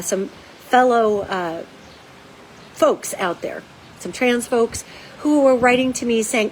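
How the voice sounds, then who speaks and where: Woman monologue host with a high voice: blunt, folksy, urgent, and addressing the audience directly. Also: a little hiss or hum, poor audio. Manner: emphatic, urgent, talks straight to viewers as "guys"; folksy and blunt, casual swearing. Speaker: psychic commentator and show host.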